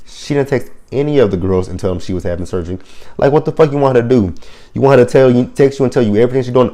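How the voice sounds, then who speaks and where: A man's voice: medium pitch, rapid-fire. A man giving a casual review of a reality TV episode, blunt and profane, rambling and often correcting himself. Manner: blunt, profane and animated when annoyed; rambling with frequent self-corrections. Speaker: reality TV recap host.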